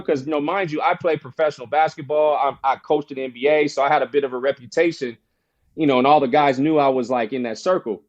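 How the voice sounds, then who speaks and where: A man telling a personal story in casual conversation as a podcast guest, animated and slangy, acting out quoted friends. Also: on the high side, fast talker, highs cut off. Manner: casual slang, frequent "bro" and "you know".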